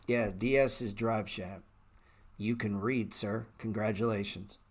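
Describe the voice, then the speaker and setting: A middle-aged man hosting a stock trading livestream, talking bluntly and sarcastically with swearing, and jumping into animated, louder rants. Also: a little slow. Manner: animated rants that jump in pitch and volume. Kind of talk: casual livestream chat.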